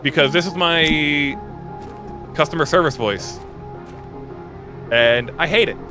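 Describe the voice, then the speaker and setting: Relaxed man chatting over music. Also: slow pace. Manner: relaxed, reflective, drops into a low voice. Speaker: streamer guest. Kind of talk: casual chat while gaming.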